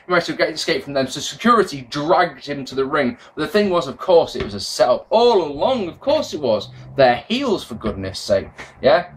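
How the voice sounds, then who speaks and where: A man giving a casual, rambling review of a wrestling show, swearing freely and swinging between loud outbursts and low mutters. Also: a little hiss or hum. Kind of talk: casual video commentary.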